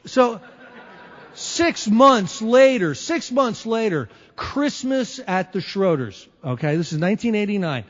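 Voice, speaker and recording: A man shares his recovery story before a meeting, lively and wry, acting out scenes from his past. His voice sits fairly high. The old recording is dull and lo-fi, with his words ringing on in a long hall reverb. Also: unhurried. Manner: animated, wry storyteller who acts out moments.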